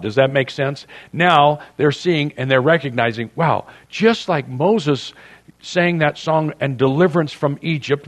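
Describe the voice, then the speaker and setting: A man preaching a sermon as a pastor, in a conversational, joking storytelling manner. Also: medium pitch.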